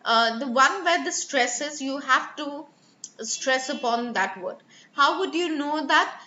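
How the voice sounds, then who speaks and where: Bright-voiced woman teaching pronunciation. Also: sits high, animated, unhurried, a little hiss or hum. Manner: explanatory, demonstrates pronunciation of example words. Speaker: IELTS speaking trainer. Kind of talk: live online lesson. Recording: echoey room, slightly dull sound.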